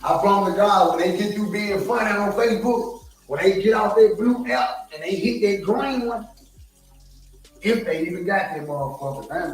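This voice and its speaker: A man's voice: on the high side, recorded from a distance. A man with a Southern US accent ranting on a live stream, profane and heated, repeating himself as he goes. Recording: echoey room, from off mic, faint music.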